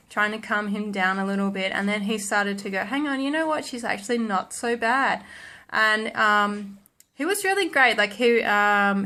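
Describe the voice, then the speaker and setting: A woman's voice: medium pitch, sharp tone. A young woman telling stories in a casual vlog, rambling with lots of ums and likes and laughing at herself. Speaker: vlogger.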